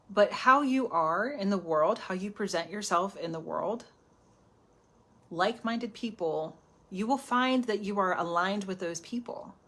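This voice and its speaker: A woman hosting a live self-help talk, chatty and animated, often dropping to a whisper for asides. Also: fairly low pitch. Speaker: healing coach hosting a live stream.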